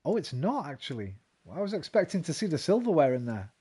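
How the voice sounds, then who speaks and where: A man's voice: fairly high pitch, very animated, fast, mellow, slightly rough. Chatty man streaming a game. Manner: chatty and jokey, reads text aloud and stumbles over words. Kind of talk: casual let's-play commentary, reading game text aloud.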